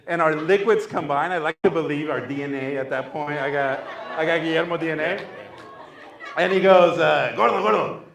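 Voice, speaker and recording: A man, a filmmaker guest at a screening Q&A, telling a lively anecdote and acting out quotes with big jumps in pitch and loudness. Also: normal speed, crowd noise. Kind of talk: animated storytelling anecdote. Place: festival screening venue, live audience. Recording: echoey venue, distant mic.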